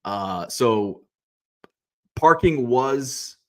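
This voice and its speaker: A man with a hoarse, worn voice talks loosely and at length, circling back with fillers and false starts. His pitch sits right in the middle of the usual male range. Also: lively intonation, very slow, darkish tone. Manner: chatty, rambling, many fillers and restarts. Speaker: card show organizer and host. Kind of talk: casual rambling recap.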